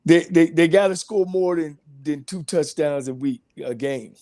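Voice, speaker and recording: A man, a coach, guesting on a sports radio show, giving short answers and halting with fillers. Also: on the high side, dark tone. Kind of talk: casual sports talk radio.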